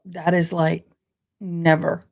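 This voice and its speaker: A woman's voice: fairly low pitch, flat delivery, slow pace, vocal fry. A woman vlogger talking casually to her viewers about a trial, in a rambling, conversational way. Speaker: true crime vlogger.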